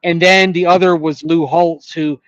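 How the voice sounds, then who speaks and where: A man co-hosting a sports radio show, explaining calmly and at length. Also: fairly high pitch, normal speed, dry recording, dull audio. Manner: calm, explanatory, with fillers and restarts. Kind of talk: measured sports talk analysis.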